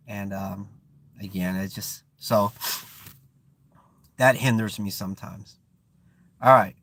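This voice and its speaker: A man's voice: lowish voice, fairly even intonation, a little slow, pauses often, fairly bright tone. A man with a Bay Area accent whose first language is not English, hosting a casual live-stream chat and often stopping to search for words. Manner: searching for words, frequent restarts and fillers. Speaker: channel host.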